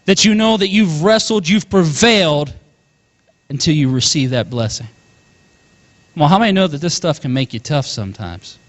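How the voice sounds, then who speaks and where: A young man preaching a sermon as pastor, animated, calling out to his congregation and chuckling often. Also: on the high side, moderate pace.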